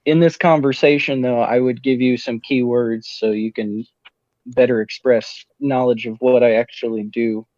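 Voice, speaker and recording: A man's voice: medium pitch, steady tone, moderate pace, darkish tone, dry recording. A man playing in a tabletop game, chatting in an easygoing, laid-back way. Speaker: player. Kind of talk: casual tabletop game chat. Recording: dull dry lo-fi audio.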